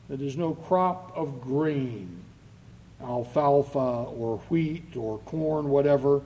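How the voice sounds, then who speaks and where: A man preaching a sermon as pastor, speaking slowly and rising to loud, emphatic readings of scripture. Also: medium pitch, lively intonation. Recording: long reverb of a church hall.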